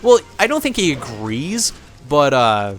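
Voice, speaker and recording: A man's voice: medium pitch, sing-song, a little slow, a bit bright, faint music behind. A man doing casual let's play commentary, rambling through a story with many fillers and swearing at the game now and then.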